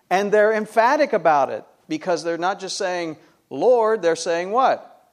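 With lively intonation and a measured pace, this middle-aged pastor, whose voice is a touch higher than most men's, preaches his sermon by asking rhetorical questions and answering them with mounting emphasis.

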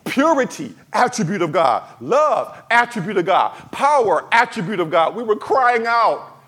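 Very animated and at a moderate pace, a high-voiced man delivers a sermon as pastor, speaking straight to his church. His delivery shifts from fervent cries to soft, emphatic lines.

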